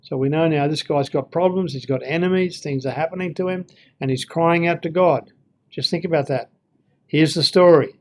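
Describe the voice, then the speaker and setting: A man's voice: on the high side, moderate pace. A man giving an informal Bible lesson, thinking aloud with fillers and reading verses with feeling. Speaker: Bible teacher.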